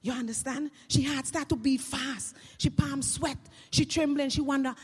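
A woman with a Caribbean Creole accent telling comic stories to an audience in a lively, chatty way, heard with long hall reverb. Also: sits high, normal speed, few pauses. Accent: Caribbean English Creole. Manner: lively, chatty, swings between voices. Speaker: storyteller.

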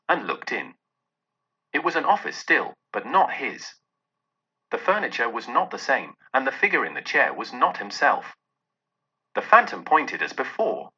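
A man narrates an audiobook in a measured, expressive way. His tone is very bright and slightly husky, with lively pitch. The recording sounds dull and muffled.

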